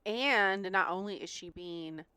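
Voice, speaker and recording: A woman's voice: medium pitch, measured pace, bright, forceful tone, clear, resonant tone, no echo. A woman co-hosting a podcast, chatting enthusiastically and giggling often. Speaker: podcast co-host. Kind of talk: casual chat.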